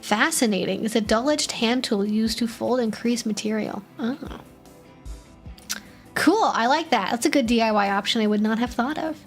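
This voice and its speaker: A young woman with a slightly high-pitched voice hosts a live stream, answering chat in a loose, casual way. She keeps talking through fillers and restarts, and faint music sits behind her. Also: moderate pace. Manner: chatty, reads chat aloud, frequent fillers and restarts.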